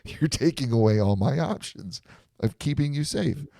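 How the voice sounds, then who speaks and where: A man voicing a protective talking car that speaks flatly and matter-of-factly. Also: fairly high pitch, moderate pace, vocal fry, no echo, pitched above the performer's own voice. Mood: calm.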